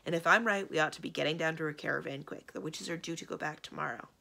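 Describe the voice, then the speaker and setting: A woman putting on a storybook ogre servant, blunt and loyal, speaking low and flat in a common manner. Her voice drops deep with a gravelly edge. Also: fast, full character voice. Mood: gruff.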